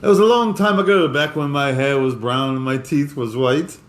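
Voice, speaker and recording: Rambling male podcast co-host. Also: mid-range voice. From Florida. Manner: rambling, halting with many restarts. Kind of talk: casual storytelling chat.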